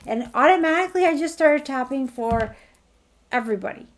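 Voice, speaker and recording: A woman leading a group healing call, talking listeners through it in a gentle, reassuring, slow guiding way. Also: fairly high pitch, lively intonation. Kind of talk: guided healing talk.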